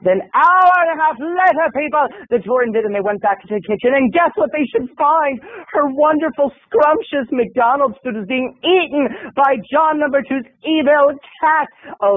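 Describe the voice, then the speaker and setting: A man's voice: extremely high pitch, lively intonation, normal speed, dry recording, narrow, tinny audio. A man vlogging, telling a funny story with theatrical, exaggerated delivery. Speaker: video blogger. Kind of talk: comedic storytelling vlog.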